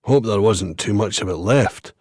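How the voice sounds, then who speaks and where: A man's voice: lowish voice, moderate pace, a little mellow, breathy edge, no echo, studio quality. A man voicing a terse, wry veteran male police detective in an audiobook. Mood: dry.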